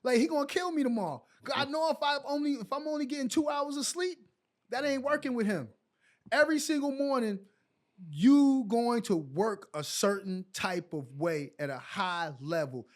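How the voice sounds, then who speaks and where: A man with a very high voice tells a story as an interview guest. He talks in an animated way and acts out the other people's lines himself. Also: normal speed. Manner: animated storyteller acting out quotes. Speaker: guest, former basketball player.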